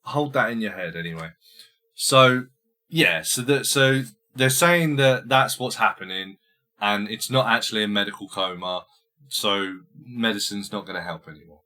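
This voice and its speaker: Bright-voiced rambling podcast host. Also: male voice, fairly low pitch, moderate pace. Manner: rambling, stammers and restarts, crude humor. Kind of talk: casual film chat.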